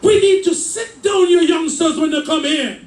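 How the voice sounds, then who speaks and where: A man preaching a fervent sermon in a church, shouting his points with call and response. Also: very high voice, normal speed. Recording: echoey church mic from far off.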